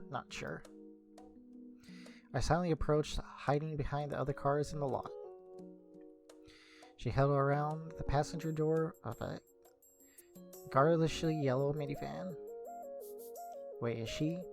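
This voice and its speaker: A man's voice: on the high side, fairly even intonation, unhurried, vocal fry, pauses often, music in the background. A young man streaming, reading a visual novel aloud casually, correcting his slips as he goes.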